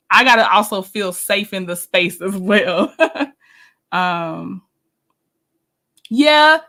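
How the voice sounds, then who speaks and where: A woman hosting a casual live stream, chatting with viewers and answering their comments, animated and quick to laugh. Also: mid-range voice. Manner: chatty and animated, laughs often, restarts sentences.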